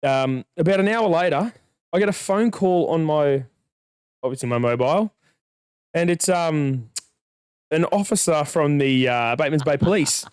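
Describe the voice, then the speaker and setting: A man's voice: fairly high pitch, normal speed, smooth, no room sound. Young male co-host, raised voice, swearing storyteller, dead-dry sound. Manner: animated, swears freely, acts out dialogue. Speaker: podcast co-host. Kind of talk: casual storytelling.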